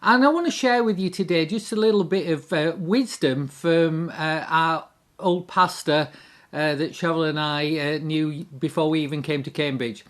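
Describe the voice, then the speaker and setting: A man's voice: fairly high pitch, moderate pace, a bit bright. A man giving a short devotional talk, earnest and reflective, posing many questions to the listener. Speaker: Christian devotional speaker.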